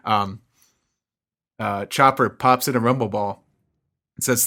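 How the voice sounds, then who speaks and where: A man co-hosting a podcast, recapping a comic in a casual, halting way, often chuckling. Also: lowish voice, fairly even intonation, pushed and bright. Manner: chuckling, halting, lots of fillers. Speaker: podcast co-host.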